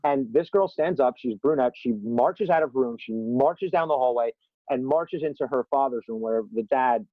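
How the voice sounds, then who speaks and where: A man telling long, animated stories in an interview, full of asides and self-aware tangents. His voice sits at a medium pitch and sounds dry and close, with no room around it. The audio is a little dull and muffled. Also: normal speed, no echo. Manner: long-winded, animated storyteller with many asides. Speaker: podcast guest, TV executive. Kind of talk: conversational interview.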